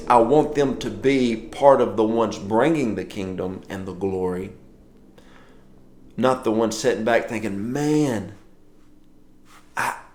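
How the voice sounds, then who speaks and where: A man's voice: on the low side, reverberant, a little hiss or hum. A man giving a casual morning devotional as a pastor, telling stories and acting out quoted dialogue in a conversational way.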